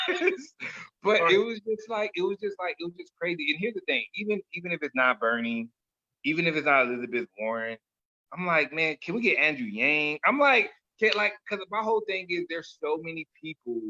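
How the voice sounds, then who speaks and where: A man's voice: a little high, lo-fi sound. A man in casual chat, telling stories with lots of fillers and frequent laughter. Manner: animated storyteller, laughs often, says like and man a lot.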